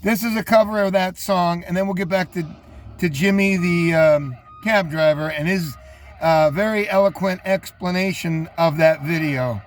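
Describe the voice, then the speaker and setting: A relaxed male host rambling through casual commentary on music videos. His voice sits somewhat high, and faint music plays behind him. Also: moderate pace.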